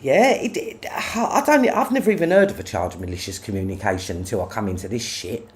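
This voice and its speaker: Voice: deep voice, wildly swooping pitch, fast, darkish tone, slight background noise. A person ranting angrily on a livestream, cursing and confronting others, tagging many lines with "yeah?". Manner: profane, confrontational, repeats "yeah?". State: angry. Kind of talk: angry livestream rant.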